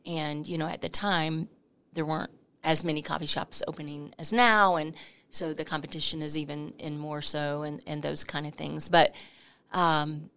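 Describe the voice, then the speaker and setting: A middle-aged woman telling a story as an interview guest, animated and laughing, with many fillers. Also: deep voice, moderate pace, clear, resonant tone. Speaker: coffee company founder, interview guest.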